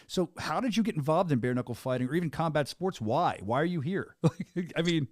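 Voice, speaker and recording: A man hosting a fight podcast, rattling along at a quick clip in a fairly high voice. He talks with rambling, excitable hype-man energy. The sound is dry and close, with no room echo. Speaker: podcast host and venue announcer. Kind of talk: casual interview chat.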